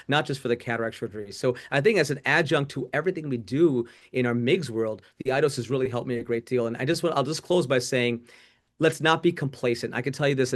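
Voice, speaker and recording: A middle-aged man, an eye surgeon, talking quickly and with energy on a webinar panel, with frequent restarts. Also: medium pitch. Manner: fast, animated, quick restarts. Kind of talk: webinar talk.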